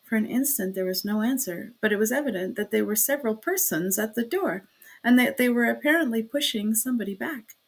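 A woman reads a classic novel aloud in a steady narrating voice, breaking off now and then for casual asides to her listeners. Her voice sits a little higher than most. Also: fairly quick, breathy edge. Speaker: audiobook reader.

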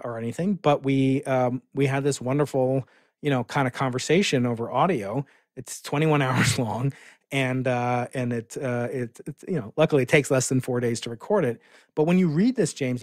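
A man's voice: mid-range voice, a little mellow, no echo, studio quality. A middle-aged man from the United States, a physicist guest telling stories with enthusiasm in a casual podcast conversation. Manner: enthusiastic, storytelling explainer.

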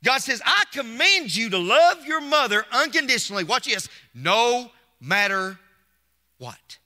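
A man's voice: extremely high pitch, sing-song, measured pace, bright, forceful tone. A middle-aged man, preaching a Mother's Day sermon from the pulpit with emphatic repetition and call-outs to the congregation. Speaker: pastor. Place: church sanctuary. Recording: long church hall reverb.

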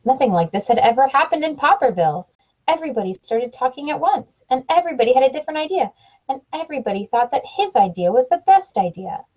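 A mother reads a picture book aloud to her child at home, with a husky, breathy voice. Her delivery is lively, with her pitch rising and falling a lot. The recording is dull and lo-fi. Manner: animated storybook reading with sound effects. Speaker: parent reading to her child.

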